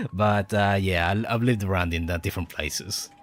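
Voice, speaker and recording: A man with a deep, unhurried voice chats casually while streaming a game, rambling and chuckling frequently. He's a native Spanish speaker whose accent mixes Spanish and Australian, and faint game music can be heard behind him.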